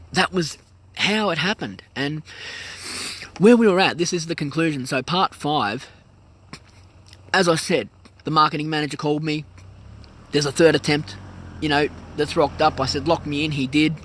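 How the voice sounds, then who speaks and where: A man telling a personal story in a casual vlog, animated and acting out the voices of people in it. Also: a little high. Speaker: vlogger, pilot.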